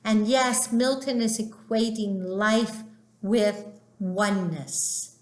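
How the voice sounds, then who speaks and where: A woman's voice: mid-range voice, fairly even intonation, slow pace, reverberant. A woman teaching literature in a chatty, emphatic lecture style. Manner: chatty, emphatic, acts out quoted dialogue. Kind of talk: informal lecture.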